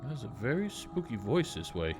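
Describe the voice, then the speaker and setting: A man's voice: medium pitch, sing-song, brisk, over music. A man streaming a game, rambling casually with wry asides. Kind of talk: casual gameplay commentary.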